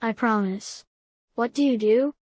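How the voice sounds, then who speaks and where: Woman reading calm coaxing boy. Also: on the high side, measured pace, dry recording, studio quality. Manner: calm, coaxing, repetitive questions. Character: calm, questioning boy Sam.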